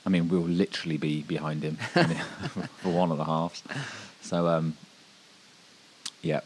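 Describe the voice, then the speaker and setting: Male podcast co-host, lowish voice, meandering casual chat, lots of filler. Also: little pitch movement, unhurried, a little hiss or hum. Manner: rambling, hesitant, many ums and restarts.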